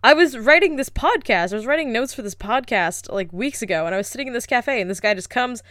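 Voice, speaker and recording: Woman podcaster, casual chat, bright lively delivery, swears freely. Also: a little high, fast, no room sound. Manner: profane, animated storytelling. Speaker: podcast co-host. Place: lives in New York City.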